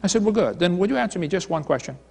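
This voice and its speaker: A man with a somewhat high voice lectures at a live seminar, mixing jokes with stories that he acts out as dialogues. His voice rings with the long reverb of a large hall. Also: animated, very fast, creaky, a little mellow, husky. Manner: joking storyteller, retelling dialogues. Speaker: creationist seminar speaker.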